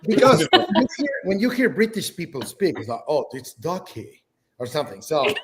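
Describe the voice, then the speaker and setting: A man's voice: on the high side, big pitch swings, fast talker, crowd noise. A man with a Mexican Spanish accent, playing along in a casual group quiz game, playful and laughing. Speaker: game participant.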